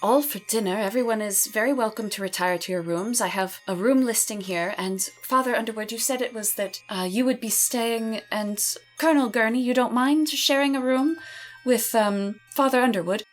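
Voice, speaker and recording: A fussy man hosting a country house party, voiced by a woman, gives out arrangements in a formal, officious manner. His voice sits a little higher than normal for a tabletop game. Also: normal speed, faint music behind, lightly acted.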